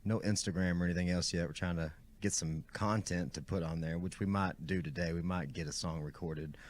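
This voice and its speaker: A man's voice: low-pitched, fairly even intonation, a little fast. A man hosting a podcast, chatting in a laid-back, earnest way. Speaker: podcast host. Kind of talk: casual chat.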